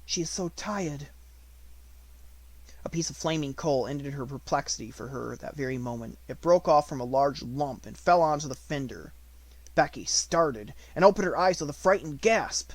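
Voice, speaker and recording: Expressive male audiobook reader, dry sound. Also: mid-range voice, no echo. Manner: measured, expressive storytelling. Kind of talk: reading a novel aloud.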